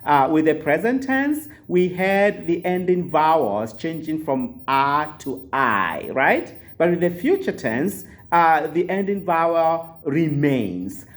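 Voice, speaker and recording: A man teaching a language lesson on a video call, patient and repetitive, pausing often with filler sounds. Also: on the high side, big pitch swings. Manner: patient, repeats words slowly, many filler uhs. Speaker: Swahili teacher.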